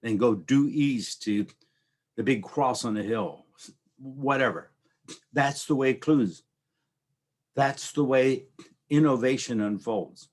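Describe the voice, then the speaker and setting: A man's voice: medium pitch, slow pace, long pauses, darkish tone. A man hosting a casual motivational talk, rambling and conversational, often checking in with his listeners. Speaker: host.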